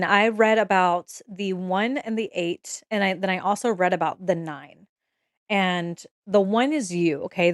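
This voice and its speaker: A woman's voice: mid-range voice, no echo, clean studio sound. A young woman giving a casual, emotional tarot reading to camera, swearing freely and checking in with "okay?" as she goes. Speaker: tarot reader.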